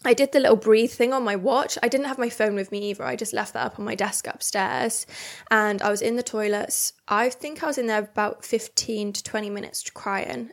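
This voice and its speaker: A young woman talking alone into her podcast mic, open and unguarded. She rambles through a personal story with restarts and acts out her own thoughts as she goes. Her pitch sits in the middle for a woman. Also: gravelly. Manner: candid, rambling storytelling with self-talk and restarts. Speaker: podcast host. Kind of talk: solo confessional podcast chat.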